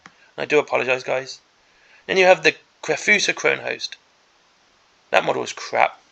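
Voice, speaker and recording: A man's voice: mid-range voice, normal speed, vocal fry, pushed and bright. A man hosting a miniatures hobby channel, giving an exasperated, sarcastic ranting commentary on a product preview.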